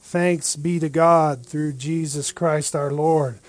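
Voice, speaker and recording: High-voiced man teaching a Bible study. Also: slow pace, no room sound. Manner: lively, rhetorical questions, frequent "right?".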